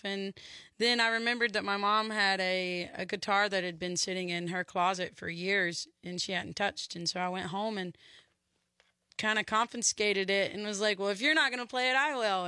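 A woman's voice: medium pitch, smooth, no echo, studio quality. A young woman from Georgia with a Southern accent, chatting as a musician guest in an interview and telling stories with frequent laughs. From Georgia, USA. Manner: chatty, laughs often, animated storytelling. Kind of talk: interview chat.

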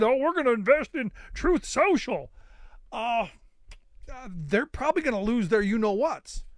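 A man hosting a political talk radio show, delivering sarcastic, animated commentary with many filler "uh"s into a studio microphone. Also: high voice, no room sound.

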